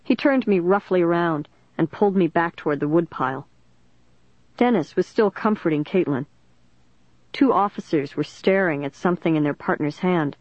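A reader narrating a suspense novel in the first person, with steady dramatic storytelling. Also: mid-range voice, moderate pace, no room sound. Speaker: audiobook narrator. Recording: dry, dull lo-fi recording.

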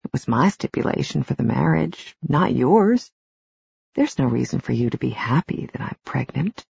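A woman narrator voicing a remorseful husband in a romance novel, speaking low and earnest. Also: animated, normal speed, vocal fry, a little mellow, breathy edge, dry recording, full character voice. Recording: slightly dull, dry studio recording.

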